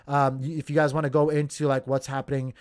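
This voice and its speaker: A man's voice: mid-range voice, flat delivery, quick pace, darkish tone. A man hosting a crypto channel, giving casual market commentary with lots of fillers and talking straight to viewers as you guys.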